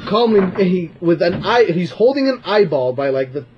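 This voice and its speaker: A man's voice: sits high, sing-song, moderate pace, dull audio, crowd noise. A man in a casual chat eagerly recapping an episode's plot, chuckling as he goes. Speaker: podcast co-host.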